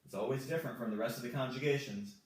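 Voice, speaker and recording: A male Spanish teacher walking through verb forms at a whiteboard, slowly and patiently repeating each one. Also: mid-range voice. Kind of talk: whiteboard grammar lesson. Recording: echoey room, mic far off.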